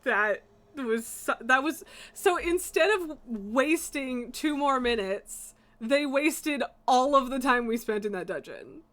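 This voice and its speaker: High-pitched, slow-talking annoyed woman streamer. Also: expressive, fairly bright tone. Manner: exasperated ranting with frequent laughs and swearing. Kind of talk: casual live-stream rant while gaming.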